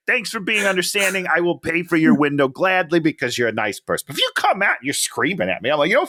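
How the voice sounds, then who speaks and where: A man's voice: high-pitched, fast talker, hardly any pauses, no room sound. A man co-hosting a casual movie podcast, ranting animatedly and laughing often. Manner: animated, rants and laughs a lot. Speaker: podcast co-host. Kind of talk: casual chat.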